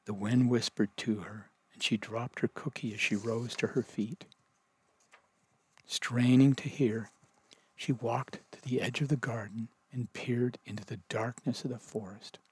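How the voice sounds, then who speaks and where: A man reading a children's story aloud as narrator, in gentle, measured storytelling. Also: mid-range voice, fairly even intonation, husky.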